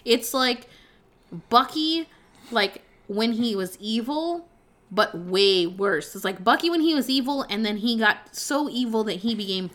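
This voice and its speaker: A woman's voice: on the high side, expressive, a little slow, a bit bright. A woman co-hosting a casual movie podcast, blunt and swearing freely as she gives her takes. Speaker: podcast co-host. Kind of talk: casual movie review chat.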